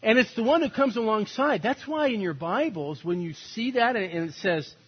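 A man's voice: high voice, expressive, moderate pace, slightly rough, lo-fi sound. An older man preaching a sermon, telling stories animatedly and acting out quoted voices. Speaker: pastor.

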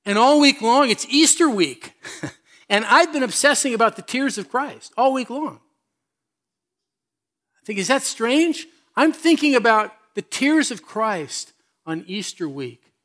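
A man's voice: extremely high pitch, expressive, unhurried, a bit bright. A man preaching a sermon as pastor, reading scripture and speaking earnestly with questions to his listeners.

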